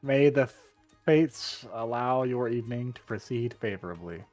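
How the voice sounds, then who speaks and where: Brief: man playing a ceremonious woman mystic, measured and formal. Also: medium pitch, expressive, a little mellow, faint music behind, close to an everyday voice. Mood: solemn.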